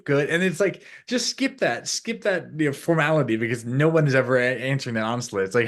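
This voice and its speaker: A man talking as a guest on a podcast, his voice at an ordinary middle pitch. He rambles through his points in casual chat, acting out the voices of the people he quotes with animated energy. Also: a little fast, few pauses.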